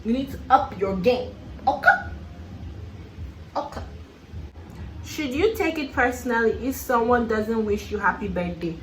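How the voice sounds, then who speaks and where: A young woman with a Nigerian accent talks in a sassy, playful way, slipping in "honey" and bursting into laughter. Her voice sits fairly high for a woman. The room gives it a roomy echo under a faint hiss. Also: expressive, measured pace, pauses often. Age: young adult. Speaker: YouTuber. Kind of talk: casual get-ready-with-me chat.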